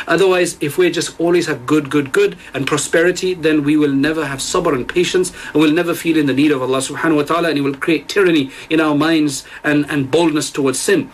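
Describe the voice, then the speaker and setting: A man's voice: fairly high pitch, fairly even intonation, fast talker, hardly any pauses, a little hiss or hum, rough recording. A man teaching a religious lesson, retelling stories earnestly and speaking to his listeners directly, often restarting his words.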